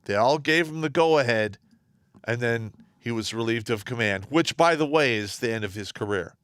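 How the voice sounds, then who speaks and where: A man's voice: medium pitch, moderate pace, a bit bright, smooth, no room sound, studio quality. A man co-hosting a casual livestream, giving blunt, matter-of-fact opinions. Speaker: livestream co-host.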